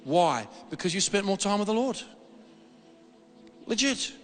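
A man preaching a sermon in a church hall, animated and repetitive, often restarting his sentences. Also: high voice, unhurried. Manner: animated, repetitive, excitable delivery with frequent restarts. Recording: long reverb of a hall.

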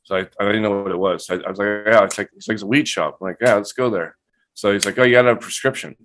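A man's voice: on the low side, rapid-fire. Profane, storytelling man guest. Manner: profane, animated, acts out quotes. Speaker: guest cannabis breeder. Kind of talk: casual storytelling.

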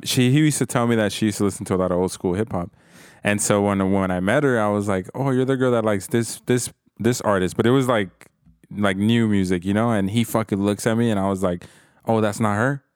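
A young man co-hosting a podcast, animated and joking, swearing freely. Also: on the low side, fairly quick, clear, resonant tone, no room sound, studio quality. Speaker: podcast co-host. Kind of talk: casual chat.

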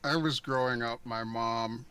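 A man's voice: medium pitch, fairly even intonation, a little slow, sharp tone. A man co-hosting a podcast in casual chat, talking in a chatty, friendly and direct way. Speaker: podcast co-host.

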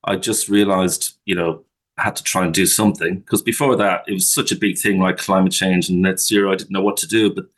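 Low-voiced, chuckling man on talk radio. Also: steady tone, poor audio. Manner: friendly, chuckling, halting restarts. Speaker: guest, campaign founder. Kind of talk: radio interview.

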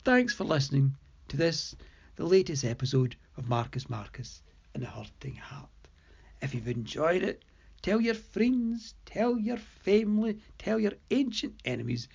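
A woman hosting a story podcast, narrating in a measured, deliberate way. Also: fairly low pitch, animated, creaky, darkish tone, breathy edge, dull audio.

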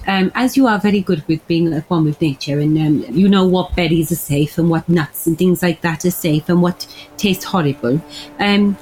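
A woman's voice: lowish voice, darkish tone, low-quality recording. A woman playing a tabletop game, rambling and filling gaps with ums. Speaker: player. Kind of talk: tabletop role-play chat.

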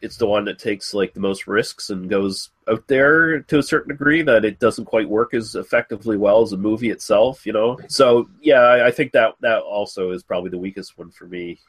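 A man's voice: fairly low pitch, brisk, hardly any pauses, slightly rough. A man hosting a film podcast, chatting casually with many filler words. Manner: easygoing, frequent uh fillers. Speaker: podcast host.

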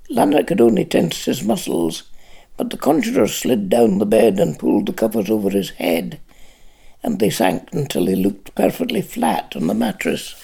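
A man narrating a literary novel, with measured, expressive storytelling. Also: fairly low pitch, gravelly, husky. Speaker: audiobook narrator.

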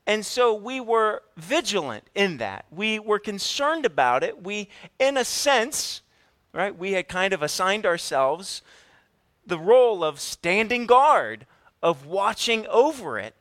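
A man preaching a sermon, telling a family story in an animated way and putting questions to the congregation. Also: high-pitched, takes it slowly. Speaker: pastor.

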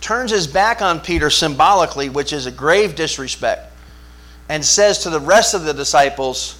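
A man preaching a sermon as pastor, talking conversationally and asking his listeners questions, swinging from hushed asides to loud, emphatic bursts. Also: on the high side, lively intonation, normal speed. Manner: conversational, asks the congregation questions.

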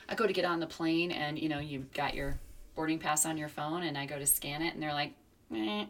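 A woman co-hosting a casual chat, telling a reflective personal story in an animated way and acting out the people in it. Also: deep voice. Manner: animated storyteller, reflective, acts out quoted voices. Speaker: podcast co-host.

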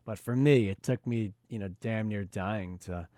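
A male podcast host with a lowish, mellow voice, speaking earnestly and reflectively. He circles his thoughts with frequent fillers. The sound is dry and close. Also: normal speed, no echo. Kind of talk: casual podcast conversation.

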